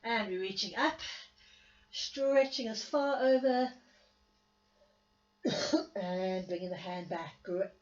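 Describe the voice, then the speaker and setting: A woman teaching a Pilates class after an illness, giving gentle step-by-step cues with a coughing spell now and then and some self-mocking laughter. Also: medium pitch, slow pace, pauses often, roomy sound, highs cut off. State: recovering from illness, coughing at times. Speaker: Pilates instructor. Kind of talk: guided exercise class cueing.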